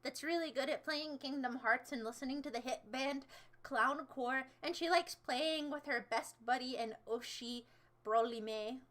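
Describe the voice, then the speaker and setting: A young woman with a high, bright voice chats to her livestream viewers. She rambles from one thing to the next in a playful, theatrical way and throws in sudden dramatic outbursts. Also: a little slow. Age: young adult. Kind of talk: casual livestream chat.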